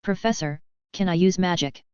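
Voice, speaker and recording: A woman's voice: lowish voice, normal speed, a little mellow, clean tone, no room sound, lo-fi sound, close to an everyday voice. A woman reading the part of a clever, hesitant schoolgirl in an audiobook.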